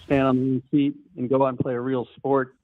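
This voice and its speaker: A man's voice: mid-range voice, little pitch movement, fast talker. A man calling in to a live show, blunt and critical in his opinions. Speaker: caller. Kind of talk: opinionated call-in talk. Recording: tinny phone line.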